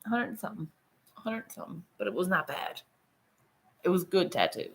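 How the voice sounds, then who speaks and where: A woman's voice: on the low side, very animated, moderate pace, vocal fry. A middle-aged woman hosting a casual livestream from her phone, rambling, swearing casually and laughing often. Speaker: livestream host.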